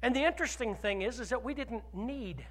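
A man preaching a sermon as pastor, telling a personal story with animated swings from loud declarations to hushed asides. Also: very high voice, fairly quick, long reverb tail.

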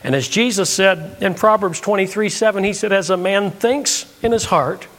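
A man's voice: high-pitched, moderate pace, a bit bright, big-room sound. A man preaching a sermon from the United States, telling a story and acting out the dialogue.

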